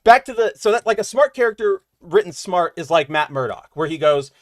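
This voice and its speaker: A man's voice: sits high, lively intonation, fairly quick, dry recording, studio quality. A man co-hosting a podcast in casual chat. He rambles, loses his train of thought and acts out quotes. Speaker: podcast co-host.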